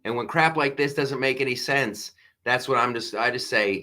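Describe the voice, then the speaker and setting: A man's voice: mid-range voice, moderate pace, pushed and bright. A man hosting a live comedy news show, ranting with exasperated sarcasm and frequent restarts.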